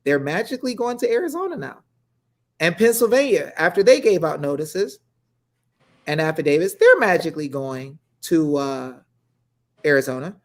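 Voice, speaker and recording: A man's voice: on the high side, big pitch swings, normal speed. Playful man exclaiming on a talk show. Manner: playful, exclaims and laughs, avoids cursing. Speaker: co-host. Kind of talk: casual political chat.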